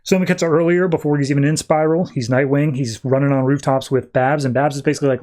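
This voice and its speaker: A man's voice: mid-range voice, fairly even intonation, quick pace, hardly any pauses, a little mellow. A man with a mid-range voice talks through a comic storyline on a podcast. His retelling is loose and chatty, full of "uh" and "he's like.". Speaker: podcast host. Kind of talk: casual comic book recap.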